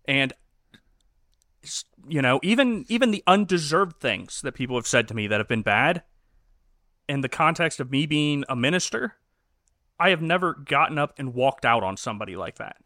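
Lively bright-voiced man reviewing a film. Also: mid-range voice, normal speed, no room sound, studio quality. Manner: animated, laughing retelling of scenes. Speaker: podcast co-host and minister. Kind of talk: casual movie review chat.

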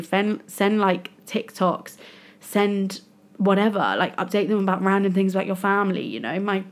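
A young woman hosting a solo podcast, venting frankly and with frustration about her own choices. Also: medium pitch. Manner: frustrated, venting, self-critical. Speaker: podcast host. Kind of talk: candid solo podcast monologue.

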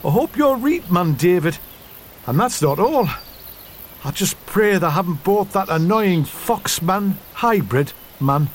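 A high, swooping Newcastle accent for a fussy farm wife who wrings every line for drama. The radio soap parody is theatrical and overdone, and the voice leaps up and down through each sentence. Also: male voice, animated, unhurried, a little hiss or hum. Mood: dramatic. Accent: Newcastle, put on. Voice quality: exaggerated, theatrical.

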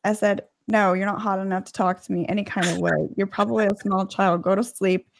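A woman co-hosting a casual podcast, reading out messages with a dry, deadpan delivery. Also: medium pitch, a little fast, gravelly, slight background noise. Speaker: podcast co-host.

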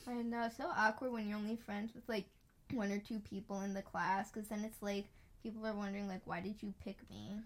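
A woman's voice: medium pitch, steady tone, brisk. A young American woman co-hosting a podcast, chatting casually and rambling through stories with lots of "like". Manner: chatty, rambling storyteller with frequent "like". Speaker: podcast co-host. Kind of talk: casual chat.

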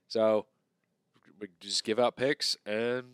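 A man's voice: fairly low pitch, fairly even intonation, slow, clean tone, no room sound, clean studio sound. A man co-hosting a podcast, easygoing as he wraps up the episode and asks listeners to follow. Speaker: podcast co-host. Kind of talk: casual podcast sign-off.

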